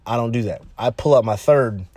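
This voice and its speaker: A man from California gives frank relationship advice in a loose, rambling monologue. His voice sits at an ordinary middle pitch and jumps up high whenever he acts out a quote. The sound is dry and close, with no room around it. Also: fairly quick, breathy edge, no echo. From California, United States. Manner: animated, repetitive, acts out quotes in higher voice. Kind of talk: casual monologue.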